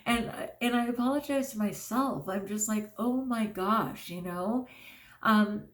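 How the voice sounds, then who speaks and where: A woman's voice: mid-range voice, a little slow. A woman in her forties, a longtime teacher, talking candidly and earnestly in a casual personal vlog, with frequent fillers. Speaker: teacher and vlogger.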